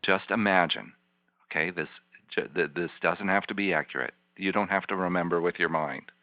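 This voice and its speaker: A man, a healing practitioner, leading a volunteer through slow guided imagery with soft, repetitive, soothing coaching. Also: low voice, dry recording. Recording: dull lo-fi teleconference line.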